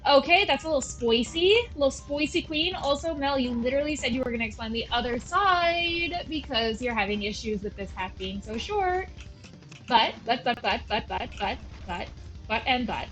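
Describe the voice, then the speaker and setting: A woman's voice: sits high, animated, normal speed, a bit bright, soft background music, low-quality recording. Chatty young woman rambling over gameplay. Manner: rambling, chatty, self-deprecating. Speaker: gaming channel host. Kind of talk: casual gameplay commentary. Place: at home with her cats.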